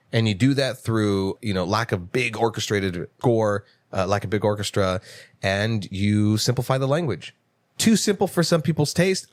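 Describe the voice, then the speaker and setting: A man co-hosting a movie podcast, ranting in casual chat with lots of swearing and sudden jumps in pitch. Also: no room sound, clean studio sound. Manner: animated, profane ranting with quick jumps in pitch. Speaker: podcast co-host.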